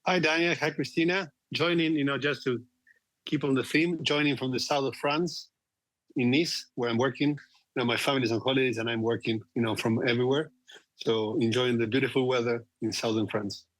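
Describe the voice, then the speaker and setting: A man's voice: medium pitch, steady tone, brisk, fairly bright tone, no room sound. A man in his forties with an Argentinian accent, a guest talking about his career with many "you know" fillers. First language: Spanish. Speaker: guest executive. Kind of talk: conversational interview.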